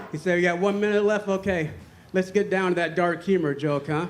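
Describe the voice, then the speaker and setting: A man's voice: high-pitched, fairly even intonation, brisk, a little hiss or hum. A man doing a crude, rambling stand-up set on a comedy club stage. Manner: crude, rambling joke delivery.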